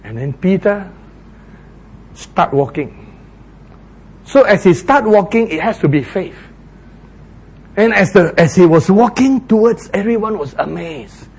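A man preaching a sermon, retelling a story dramatically with shouted voices for its characters. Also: high voice, expressive, a little slow, vocal fry, pauses often, breathy edge.

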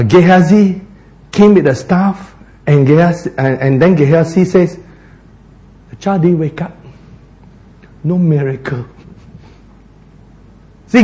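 Animated preacher. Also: male voice, fairly high pitch. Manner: animated storytelling, laughs often, acts out the characters' lines. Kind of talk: sermon.

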